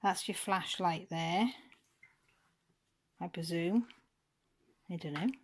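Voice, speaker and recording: A woman's voice: fairly low pitch, slow. A woman vlogger, chatting casually while unboxing, gushing and near tears.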